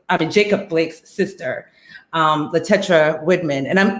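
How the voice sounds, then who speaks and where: A woman hosting a casual online talk show, chatty and lively, with many fillers and laughs. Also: low voice, roomy sound. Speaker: host.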